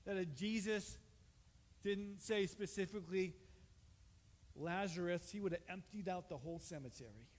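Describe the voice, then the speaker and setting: A male pastor preaching a sermon in a conversational way, asking the congregation questions and rising to loud, emphatic passages. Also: sits high, moderate pace, long pauses. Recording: reverberant hall, faint ambience.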